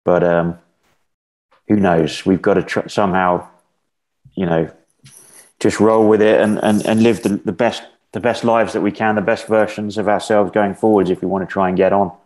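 A man speaking as a podcast guest in a measured, hesitant way, with many fillers. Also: low-pitched, steady tone, a little mellow. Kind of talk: casual conversational podcast.

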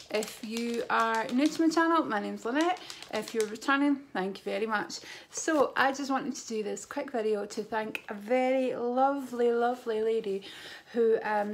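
Chatty Scottish woman with a gravelly voice. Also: fairly high pitch. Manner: chatty, effusive storyteller. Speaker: beauty vlogger. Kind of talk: casual chat to camera. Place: at home.

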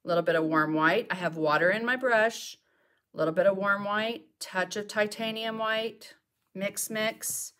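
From her home art studio, a middle-aged woman teaches painting live in a steady, fairly bright, medium-pitched voice at a moderate pace. She stays chatty, often talking to herself while she works.

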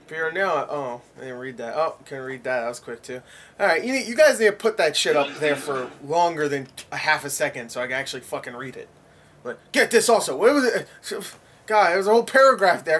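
A man's voice: on the high side, a bit bright. Rambling man reviewing a trailer. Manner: rambling, swears, laughs easily. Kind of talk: casual reaction commentary.

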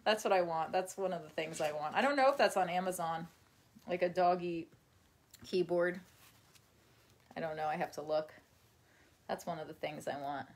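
She speaks at normal speed in a lowish voice, pausing often, while live streaming from home as she folds laundry. Chatty and loose, she hops between thoughts, laughs often, and occasionally turns to talk to her dog.

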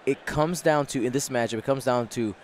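A man's voice: medium pitch, fairly quick. Laid back guy talking strategy on a game stream, kinda rambly, some faint noise. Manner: relaxed, thinks aloud with restarts. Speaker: co-commentator. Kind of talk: casual game commentary.

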